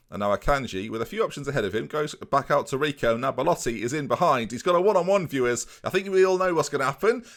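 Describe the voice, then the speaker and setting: Male gaming commentator, casual and chatty, pitch that jumps about a lot. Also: fairly bright tone. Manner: chatty, self-mocking, talks to viewers. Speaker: game commentator and YouTuber.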